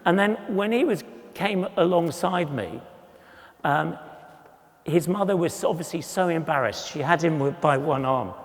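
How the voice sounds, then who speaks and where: Man in his sixties, conference speaker, unhurried, wry storyteller, hall reverb. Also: on the high side. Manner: humorous, self-deprecating, acts out voices in anecdotes. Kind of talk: storytelling talk with slides.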